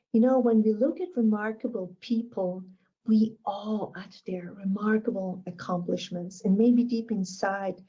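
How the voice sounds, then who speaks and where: Woman, motivational speaker, slow deliberate delivery, emphatic repetition, dull lo-fi sound. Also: mid-range voice, dark tone. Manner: emphatic, repeats key phrases. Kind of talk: motivational keynote talk.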